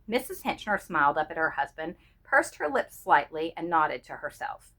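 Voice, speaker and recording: A woman reading a short story aloud in a measured, expressive narrating manner. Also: sits low. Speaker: reader.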